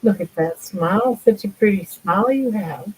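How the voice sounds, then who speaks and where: A woman's voice: medium pitch, normal speed, a little mellow, slightly rough, poor audio. An older woman hosting a casual livestream chat from home, cooing to her pets in baby talk. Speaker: livestream host.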